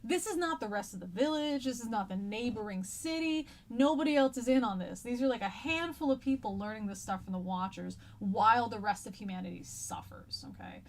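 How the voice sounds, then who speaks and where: A woman's voice: a little high, brisk, few pauses, a little hiss or hum. A woman teacher giving a casual, chatty lecture, paraphrasing old texts in slangy everyday words.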